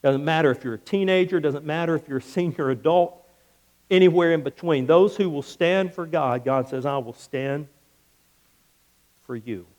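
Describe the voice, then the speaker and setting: High-voiced male pastor preaching emphatically. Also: moderate pace. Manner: emphatic preaching with repeated phrases, dropping low and soft on key words. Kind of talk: sermon.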